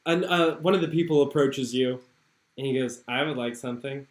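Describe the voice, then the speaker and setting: A man's voice: medium pitch, brisk. A man running a tabletop game as game master, laughing often. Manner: laughing often, relaxed with fillers. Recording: echoey room.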